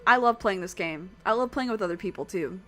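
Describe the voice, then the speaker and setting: A woman streamer talks to her viewers in a loose, rambling way as she plays, swearing casually. Her voice is rough from overuse and sits at a middle pitch. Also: fairly quick, bright, forceful tone, soft background music. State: rough throat. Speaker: game streamer. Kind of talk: casual chat while streaming a game.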